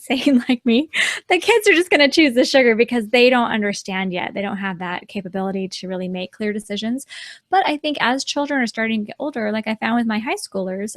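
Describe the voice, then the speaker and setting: A woman's voice: a little high, dry recording, studio quality. A woman in her forties co-hosting a talk show, speaking in a reflective, easygoing way with light laughs. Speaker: podcast co-host. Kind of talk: casual advice talk.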